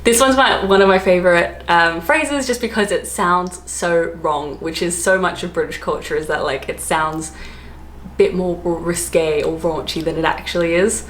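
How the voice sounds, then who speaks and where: A woman's voice: on the low side, normal speed. A young Australian woman vlogging from home, chatty and playful as she explains words one by one. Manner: chatty and playful, laughing between points. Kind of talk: casual explainer vlog. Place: home during lockdown. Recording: echoey room, faint background hiss.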